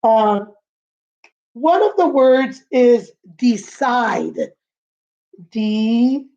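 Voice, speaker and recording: A woman teaching a remote lesson to young children, patient and sing-song, repeating words slowly. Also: a little high, lively intonation, dark tone, muffled recording. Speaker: kindergarten teacher.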